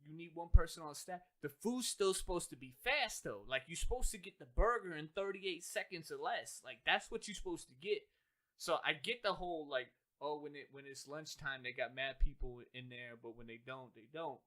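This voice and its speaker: A man rants on a casual podcast, and his voice sits high. He talks in loose, animated bursts, full of slang and swearing. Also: a little fast. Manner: animated ranting, heavy profanity, slangy. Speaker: podcast co-host. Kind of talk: casual chat.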